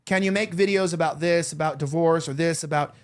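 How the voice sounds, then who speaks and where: A man in his thirties hosts a talk show, chatting casually in a candid, confiding tone. He rambles with lots of fillers and restarts, speaking briskly in a slightly high voice.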